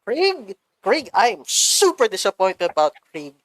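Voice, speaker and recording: A woman with a Filipino accent, chatting as a podcast co-host, animated and swearing freely, slipping Filipino words into English. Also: mid-range voice, normal speed, dry recording, low-quality recording. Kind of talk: casual chat.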